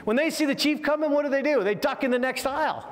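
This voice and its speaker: A man with a fairly high voice teaches a communication course to officers and senior leaders. He keeps the room engaged with constant rhetorical questions and checks like "right?". His voice carries a long reverb from a large hall. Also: fast talker, a little hiss or hum. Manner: lively, asks the audience frequent rhetorical questions. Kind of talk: leadership training talk to military officers.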